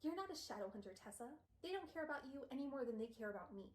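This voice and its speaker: Woman voicing a young turncoat girl, high and shrill, with a roomy echo. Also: animated, racing. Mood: sneering. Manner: mocking, then begging. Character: pleading young woman traitor, sneering then desperate.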